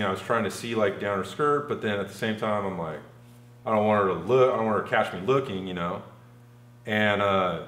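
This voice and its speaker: In a low, somewhat bright voice, a man guesting on a podcast tells a long personal story in a casual, rambling way. He fills his speech with fillers, especially "like," and the room sounds echoey.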